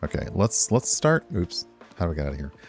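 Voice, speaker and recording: Brief: deep-voiced male streamer, rambling casual game chat, animated delivery. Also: fairly quick, vocal fry, soft background music. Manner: rambling, chatty, talks to chat. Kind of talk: casual gameplay commentary.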